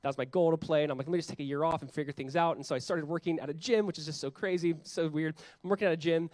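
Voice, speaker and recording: A young adult man, a pastor, preaching a sermon in a conversational, animated way and acting out the voices he quotes. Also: a little high, rapid-fire, no echo.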